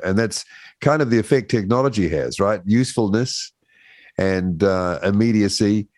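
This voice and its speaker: A man's voice: lowish voice, moderate pace, a little mellow, dry recording, clean studio sound. A man hosting a breakfast radio show, chatting and joking easily with a guest. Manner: joking, easygoing banter. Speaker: radio host. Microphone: studio microphone.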